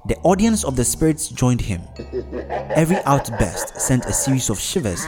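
A man reading a dark story aloud in a dramatic, scripted narration. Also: medium pitch, very animated, normal speed, music in the background. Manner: dramatic, acts out every character.

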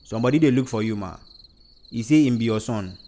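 A man's voice: mid-range voice, expressive, fast talker, dark tone, slight background noise, lightly acted. A man voicing a polite Nigerian male chief security guard who speaks in Pidgin English. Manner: polite, addresses everyone as madam.

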